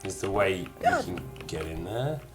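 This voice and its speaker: A man's voice: low voice, lively intonation, a little slow, loud music behind the voice. A man casually chatting to his live-stream viewers as he plays a game, reading out their comments with jokey asides. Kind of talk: casual live-stream chat while gaming.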